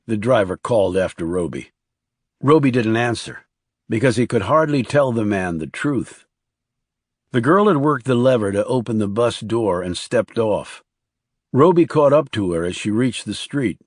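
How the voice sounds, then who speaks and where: A man reading a crime thriller audiobook aloud in a low, hushed storytelling delivery. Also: no echo, studio quality. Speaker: audiobook narrator. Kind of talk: scripted narration.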